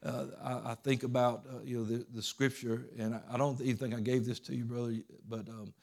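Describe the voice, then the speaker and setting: A man's voice: mid-range voice, flat delivery, a little fast, vocal fry, darkish tone. A man preacher giving an informal sermon in a church, telling a story in a conversational way, with frequent restarts.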